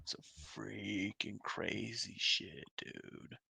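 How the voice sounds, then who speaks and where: A man's voice: lowish voice, drawn-out words, creaky, sharp tone, breathy edge, no echo. A man hosting a podcast in casual chat, swearing and hyping things up. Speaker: podcast host.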